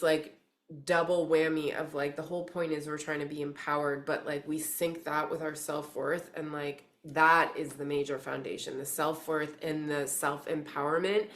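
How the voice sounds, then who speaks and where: Gushing woman with a lowish voice. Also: a little hiss or hum. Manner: gushing and rambling, heavy use of "like" and "freaking"; emphatic, urging the listener. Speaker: intuitive card reader. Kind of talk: casual spiritual reading to camera.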